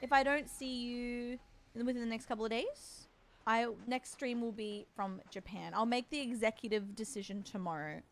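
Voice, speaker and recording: A woman's voice: a little high, normal speed, slight background noise. A woman livestreaming a game, chatting casually and reassuringly with her viewers. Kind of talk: casual gaming stream chat.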